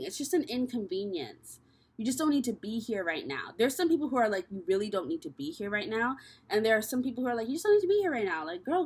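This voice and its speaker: A young woman giving a casual tarot reading to camera, animated and profane, laughing often and swinging between loud bursts and soft, calm talk. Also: mid-range voice. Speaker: tarot reader.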